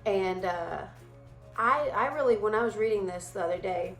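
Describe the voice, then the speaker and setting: A woman leading a casual Bible study, talking in a chatty, animated way and briefly acting out playful voices. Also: medium pitch, moderate pace, roomy sound, soft background music, poor audio.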